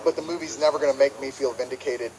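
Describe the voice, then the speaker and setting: A man's voice: medium pitch, fairly even intonation, fast, a little mellow, low-quality recording. A man co-hosting a casual film review chat, wry and mock-exasperated. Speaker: podcast co-host, film reviewer.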